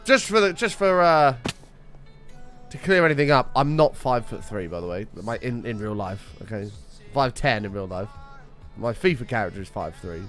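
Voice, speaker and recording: Faint music plays behind a young man running a casual gaming live stream, where he calls out viewers by name and talks in excited bursts. His voice is medium-pitched and a little rough, at normal speed.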